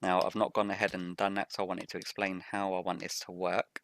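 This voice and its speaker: Low, flat-voiced man with morning voice. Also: fairly quick. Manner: methodical, explains each step as he plays. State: rough morning voice. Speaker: Let's Play host. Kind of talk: gameplay commentary.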